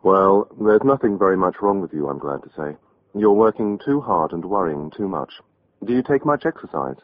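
Brisk no-nonsense doctor, read by a man, lively delivery, tinny lo-fi tape. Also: sits low. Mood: firm. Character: calm, reassuring male doctor giving advice.

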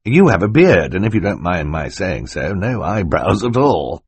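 A man's voice: deep voice, big pitch swings, moderate pace, slightly rough, no room sound, heavily acted. A man reading an audiobook voices a fussy, well-meaning middle-aged banker who talks in a polite, flustered way.

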